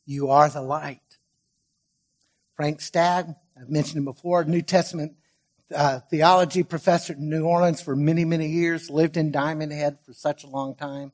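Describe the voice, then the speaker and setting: Male pastor, higher register, emphatic sermon delivery with dynamic swings and slow stressed words. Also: fairly even intonation. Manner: emphatic, swings from loud stresses to quiet asides; stretches key words slowly for weight.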